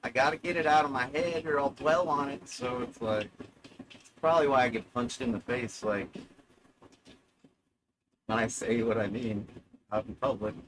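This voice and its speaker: A man's voice: mid-range voice, normal speed, pauses often, background noise. A man streaming live, rambling in a sardonic, self-mocking way and swearing freely.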